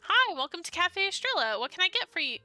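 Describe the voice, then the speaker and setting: A woman's voice: sits high, very animated, moderate pace, bright, forceful tone, no echo, faint music behind, voice pushed up, full character voice. A woman voicing a nervous, shy young male barista in a dating sim, apologetic and eager to please. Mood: friendly.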